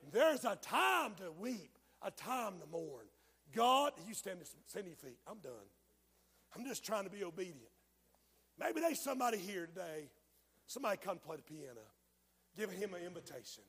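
A man preaching a fiery sermon, dropping to a hush and then rising to shouts. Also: sits high, big pitch swings, moderate pace, slightly rough, big-room sound. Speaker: pastor. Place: church sanctuary.

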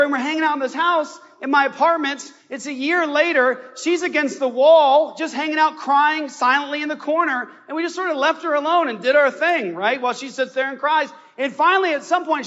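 A man preaches with a very high, bright, forceful voice, telling his story with fervor. His words ring out through a long church reverb. The recording is dull and lo-fi. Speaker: pastor. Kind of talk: sermon. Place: church sanctuary.

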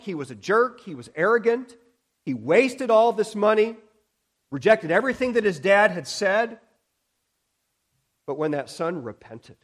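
A male pastor delivers a sermon with an earnest, searching manner, his voice sitting a little high for a man. He often restarts phrases by repeating their first words, climbs loud for emphasis, then sinks into lower, quieter passages. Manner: swings between loud emphatic stretches and quiet low ones.

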